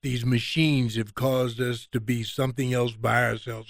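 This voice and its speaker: A man's voice: mid-range voice, flat delivery, a little slow, hardly any pauses, no echo, clean studio sound. A man, a podcast guest, talking conversationally and acting out quoted exchanges in a raised voice. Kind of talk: conversational storytelling.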